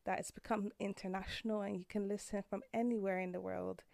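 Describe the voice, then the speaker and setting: A woman's voice: mid-range voice, fairly even intonation, fairly quick, gravelly, darkish tone, no room sound. A woman in her thirties hosting a podcast from a room at home, speaking in a heartfelt, earnest way that turns emotional. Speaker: podcast host. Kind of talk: personal podcast monologue.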